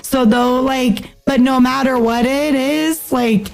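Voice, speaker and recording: High-voiced woman pastor, chatty. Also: fairly even intonation, slow, vocal fry. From United States. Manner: earnest and chatty, many fillers, acts out quoted speech. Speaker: pastor, podcast guest. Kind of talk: casual interview talk.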